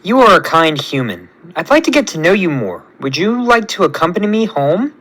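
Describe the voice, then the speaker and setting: A man reading as a gentle, curious young princess from a fan story. He speaks softly and earnestly, in a bright voice that keeps moving up and down. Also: high-pitched, sing-song, fairly quick, exaggerated voice, low-quality recording.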